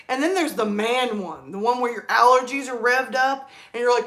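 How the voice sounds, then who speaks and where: A young woman chatting on her live stream, telling stories with quick laughs. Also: on the high side, a bit bright. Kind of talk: casual live stream chat.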